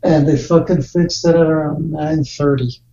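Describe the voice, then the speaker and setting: A man's voice: fairly high pitch, fairly even intonation, moderate pace, a crowd in the background. A man co-hosting a podcast in casual chat, rambling with lots of fillers and heavy swearing. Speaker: podcast co-host. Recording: dull lo-fi sound.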